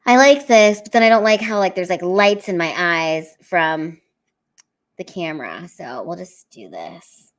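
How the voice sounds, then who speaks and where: A woman's voice: fairly low pitch, animated, measured pace. A woman comedian chatting casually on a livestream from home into her camera mic, rambling with lots of fillers.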